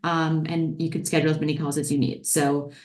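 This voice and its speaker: A woman's voice: low voice, little pitch movement, a little fast, a little mellow. A woman hosting a webinar as a program advisor, upbeat and encouraging. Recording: echoey room.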